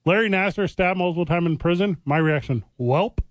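A man with a Boston accent co-hosting a sports radio show, talking in wry, joking banter with quick asides. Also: high-pitched, dry recording. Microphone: studio microphone.

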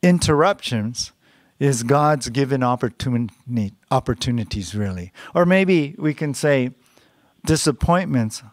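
A man's voice: medium pitch, animated, a little slow, dry recording, clean studio sound. A man preaching a sermon in a conversational way, often adding "you know" and small laughs. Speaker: pastor.

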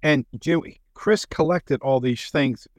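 A man's voice: a little high, slow pace, dry recording. A man in his thirties hosting a radio interview, prompting his guest with short questions and murmured acknowledgments. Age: 30s. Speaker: radio host. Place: radio studio.

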